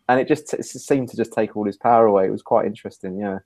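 A man's voice: mid-range voice, rapid-fire, darkish tone. A man hosting a casual podcast conversation, telling a rambling anecdote and laughing easily. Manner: rambling, laughs easily, many listening hums.

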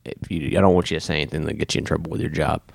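A man's voice: a bass voice, fairly even intonation, racing, vocal fry, background noise. A man hosting a casual podcast chat, loose and profane, sometimes breaking into a bit of song. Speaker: podcast host.

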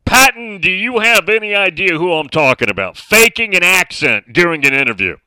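A man's voice: high voice, sing-song, moderate pace, sharp tone, smooth, no echo, poor audio. A man hosting a casual sports talk radio show from a studio, chatting and reading out listener messages.

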